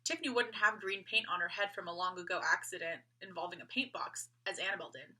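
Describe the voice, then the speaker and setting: A woman reading a children's book aloud, gentle and expressive. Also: fairly low pitch, fast, husky. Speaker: storyteller.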